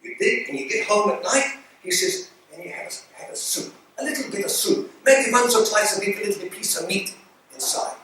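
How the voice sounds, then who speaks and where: An older man telling lively anecdotes to a club audience, mimicking the broken English of the men he quotes. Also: high voice, brisk, slight background noise. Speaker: club speaker telling stories. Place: club hall. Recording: very echoey hall from far off.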